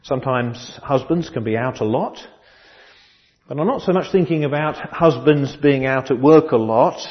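A middle-aged man preaching a sermon, measured and dryly humorous, often restarting his phrases. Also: on the high side, big-room sound, muffled recording. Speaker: pastor.

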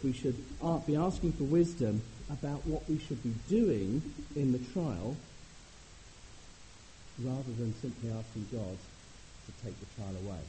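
A man preaching a sermon in an earnest manner, at times rising to animated emphasis. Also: medium pitch, a little hiss or hum, low-quality recording.

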